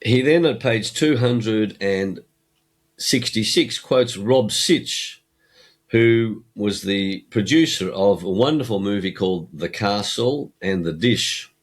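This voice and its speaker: A man with an Australian accent talks alone on a podcast, reading quoted passages from books. His voice sits fairly low, and he stresses key words with deliberate pauses. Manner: earnest, reads quotations aloud with emphatic pauses. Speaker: podcast host. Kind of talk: solo podcast monologue reading book passages.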